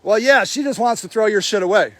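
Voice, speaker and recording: Brief: high-voiced angry man, dry close phone mic, yelling accusations at officials. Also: a little fast, dry recording. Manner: shouting, furious, accusatory. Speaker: homeless advocate livestreaming. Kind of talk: angry confrontational livestream. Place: outdoor homeless camp in snow.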